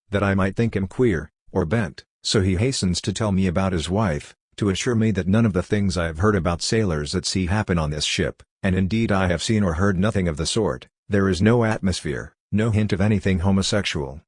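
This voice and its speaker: A man narrating a literary audiobook in a measured, reflective way. His voice sits very low and deep. The recording is dry and close, with no room sound. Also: dry recording.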